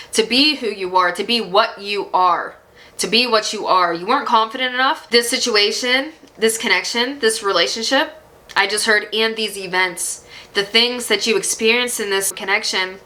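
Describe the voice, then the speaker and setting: Woman tarot reader, bright clear voice, encouraging, speaks to the viewer, laughs often. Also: medium pitch, poor audio. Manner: emotional and animated at times. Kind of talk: psychic tarot reading.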